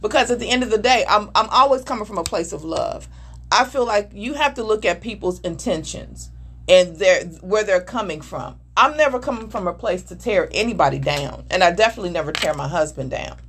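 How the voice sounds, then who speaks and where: A middle-aged woman talks in an earnest, emphatic way, at a mid pitch that is typical for a woman. She speaks candidly about her feelings in a conversation. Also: expressive, a little fast, fairly bright tone, husky. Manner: earnest, emphatic, acts out voices mid-story. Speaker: married panelist discussing communication.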